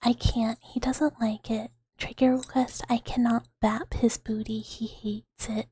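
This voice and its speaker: A young woman streaming whispered ASMR chat, talking softly to her viewers and giggling often at herself, close to a sensitive microphone. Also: a little high, little pitch movement, a little slow, breathy edge, dry recording.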